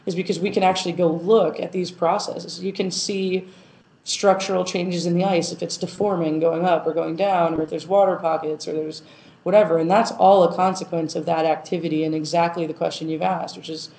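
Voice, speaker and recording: A woman's voice: on the low side, steady tone, fairly quick, a little mellow. A woman planetary scientist answering interview questions in a casual, thoughtful way, with many fillers and restarts. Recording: roomy echo.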